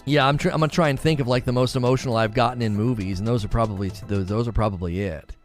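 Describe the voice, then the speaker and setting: A man's voice: mid-range voice, fairly even intonation, very fast, faint music behind. A man chatting casually and earnestly, often repeating himself as he talks about what moves him. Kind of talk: casual chat.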